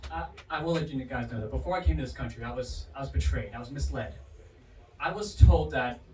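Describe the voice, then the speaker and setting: A man doing a stand-up comedy set at a bar comedy night, animated and swinging his pitch hard for punchlines. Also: fairly quick, a little hiss or hum. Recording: roomy, distant bar recording with audience. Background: crowd laughter.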